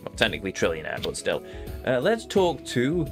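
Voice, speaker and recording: A man's voice: mid-range voice, huge pitch swings, moderate pace. A man giving let's play commentary as a gaming host, with dry self-mocking asides. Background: game music.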